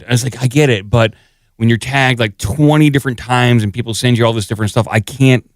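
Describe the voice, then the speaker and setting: A man's voice: mid-range voice, fairly quick, no room sound, studio quality. A man co-hosting a podcast in casual chat, rambling and self-deprecating with many fillers. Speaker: podcast co-host.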